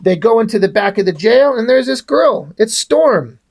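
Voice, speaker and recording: A man's voice: very high voice, very animated, normal speed, darkish tone. A man giving a casual, rambling comic book review in a sarcastic tone, swearing often.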